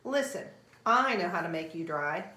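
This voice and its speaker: A woman voicing a shrill, easily offended little male mouse who speaks in a fussy, indignant way. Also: animated, normal speed, bright, forceful tone. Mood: bossy. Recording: roomy echo.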